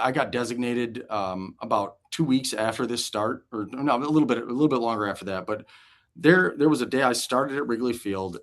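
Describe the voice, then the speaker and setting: Guesting on a talk show, a man near forty who used to pitch shares stories from the clubhouse. It's a relaxed storytelling interview, full of profanity and laughter, told with loose energy.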